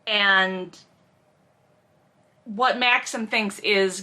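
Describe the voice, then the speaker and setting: A woman's voice: medium pitch, expressive, measured pace, sharp tone. A woman reading aloud from a novel and breaking off into sarcastic, wry commentary on it. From from a Russian family. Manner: sarcastic, wry asides between read passages. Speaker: podcast host reading and critiquing a novel.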